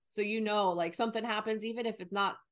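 A woman's voice: medium pitch, fast. A woman from New Jersey and New York, chatting casually as a podcast co-host in a rambling, laughing way. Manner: rambling, animated, laughs often. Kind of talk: casual chat.

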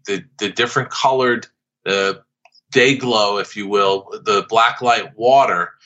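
A man with a bright, forceful voice tells a long story as a podcast guest. He often stops and restarts with plenty of fillers, and the recording sounds dull and lo-fi. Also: fairly low pitch. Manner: halting, with many fillers and restarts. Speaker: guest, former studio artist. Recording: dull lo-fi audio.

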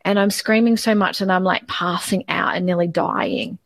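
A woman in her forties, a guest in a personal interview, speaking haltingly and repeating words as she opens up. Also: fairly low pitch, fairly even intonation, no echo. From Australia.

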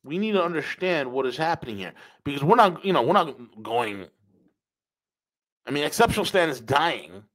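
A man's voice: fairly high pitch, sing-song, moderate pace, a bit bright, rough recording. Emphatic male podcast commentator. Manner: emphatic, repeats phrases, addresses listeners as folks. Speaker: podcast host. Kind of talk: opinionated commentary.

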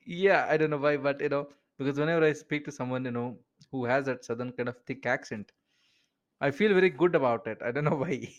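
A man's voice: medium pitch, a little fast, highs cut off. A man with an Indian English accent hosting a casual podcast interview, chatty and full of "you know" fillers. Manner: chatty, frequent "you know" fillers, laughs between points. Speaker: podcast host.

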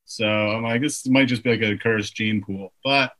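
Young comedian guy on a podcast, deadpan self-roasting jokes, bright tense voice. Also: fairly low pitch, normal speed. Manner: joking, self-deprecating, deadpan. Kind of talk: casual interview chat.

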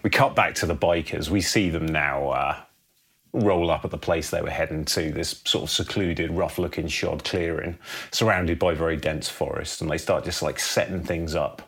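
A man with a very low, gravelly, husky voice, casually narrating a film pitch. His delivery is laid-back, often ending lines with "man". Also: fairly even intonation, normal speed, fairly bright tone. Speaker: podcast co-host pitching a film.

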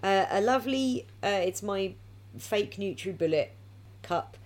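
A woman's voice: medium pitch, expressive, measured pace, darkish tone. A chatty woman co-hosting a casual talk, laughing easily, getting over covid. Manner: giggly, chatty. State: recovering from covid. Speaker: podcast co-host. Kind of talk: casual chat.

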